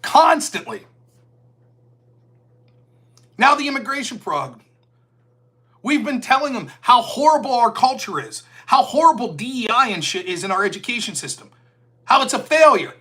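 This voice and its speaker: Reading viewer donations aloud, this political commentary streamer mocks his opponents sarcastically and imitates them in put-on voices. His very high-pitched, sing-song voice is pushed and bright, and he keeps a moderate pace.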